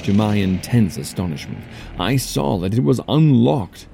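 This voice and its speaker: A man giving measured, dramatic first-person audiobook narration. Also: fairly low pitch, big pitch swings, vocal fry, noisy background. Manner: measured, storytelling delivery. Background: faint music.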